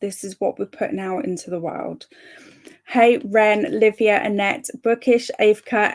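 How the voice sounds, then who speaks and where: A woman's voice: mid-range voice, fairly even intonation, a little slow, darkish tone. A young woman hosting a live reading stream, chatting casually and reading out viewers' comments, bubbly, laughing often and tripping over her words now and then. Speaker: livestream host of reading sprints.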